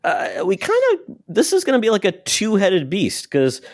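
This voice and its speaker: A man's voice: high voice, wildly swooping pitch, normal speed, no room sound. A man co-hosting a gaming podcast, chatting casually and reading a sponsor spot. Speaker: podcast co-host.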